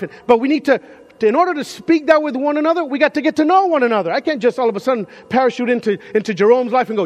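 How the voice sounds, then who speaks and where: Pastor guy preaching in a big echoey church, kinda high voice, lively and chatty. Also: fast talker. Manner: animated, conversational preaching with repeated restarts. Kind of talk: sermon. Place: church sanctuary.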